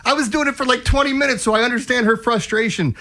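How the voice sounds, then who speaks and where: High-voiced man on sports radio. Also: quick pace. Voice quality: animated storyteller, laughs often. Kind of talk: casual radio chat.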